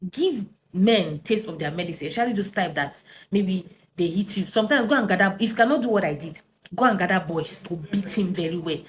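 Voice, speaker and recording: Woman, lowish voice, animated personal story, lots of "right?" and fillers. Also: fairly quick, a little hiss or hum. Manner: animated, tag questions and fillers.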